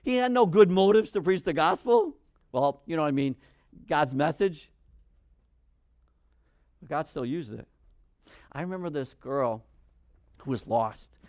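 A male preacher giving a sermon, animated, acting out Bible figures in quick voices. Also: fairly high pitch, no room sound, studio quality.

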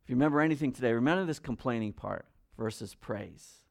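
A pastor preaching a sermon. He asks the congregation direct questions, and his voice swings between loud emphasis and quiet, low asides. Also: fast, gravelly.

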